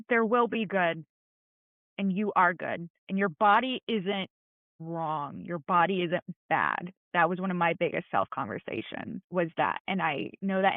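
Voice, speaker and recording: A woman's voice: on the low side, dry recording. A woman speaking as a podcast guest, earnest and encouraging in a candid, heartfelt conversation. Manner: earnest, encouraging, plain-spoken. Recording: tinny phone-like line, dry.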